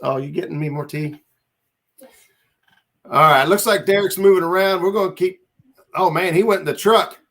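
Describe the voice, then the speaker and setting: A man's voice: high-pitched, moderate pace, long pauses, fairly bright tone. A man hosting a casual livestream chat, laid-back and rambling as he reads out viewer comments. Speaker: livestream host.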